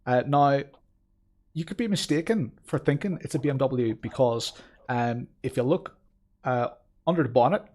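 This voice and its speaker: A man putting on a Belfast accent for fun, speaking in a halting, chuckling, drawn-out way. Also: medium pitch, darkish tone, natural voice. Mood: cheery. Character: cheery man from Belfast, a put-on impression.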